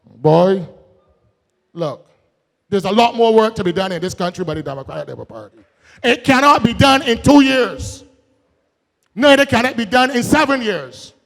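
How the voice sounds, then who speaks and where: High-voiced Barbadian man at a rally. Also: moderate pace, vocal fry, pauses often. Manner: folksy, joking asides, rising to shouted emphasis. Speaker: political speaker. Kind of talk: political rally speech. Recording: long hall reverb.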